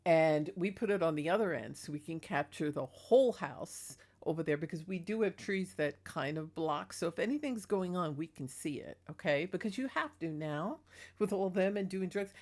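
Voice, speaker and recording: A woman's voice: lowish voice, moderate pace, darkish tone. A middle-aged woman on a small clip-on mic, telling a neighborhood story in a chatty, indignant gossip vlog. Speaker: vlogger. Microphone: clip-on microphone.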